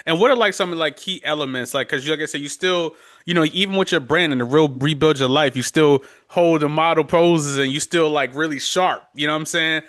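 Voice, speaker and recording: A man's voice: on the high side, fairly quick, a bit bright, dry recording, studio quality. A man from New York hosting a casual podcast interview, laid-back and full of "yeah" and "you know what I'm saying". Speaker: podcast host.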